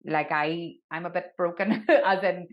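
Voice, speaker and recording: Candid lower-voiced woman podcast host. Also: steady tone, unhurried, lo-fi sound. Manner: candid, self-deprecating, chatty. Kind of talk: casual podcast interview.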